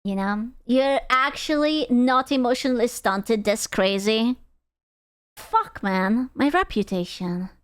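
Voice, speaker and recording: Blunt, swearing streamer woman, smooth voice. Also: fairly high pitch, lively intonation, slow pace. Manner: blunt, candid, swears freely; storytelling with sung bits. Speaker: streamer reacting to videos. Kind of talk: casual reaction chat.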